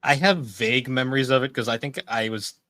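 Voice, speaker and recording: A man's voice: mid-range voice, fairly even intonation, brisk, sharp tone, no room sound, clean studio sound. A man co-hosting a podcast in casual chat, rambling and laughing at his own jokes. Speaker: podcast co-host.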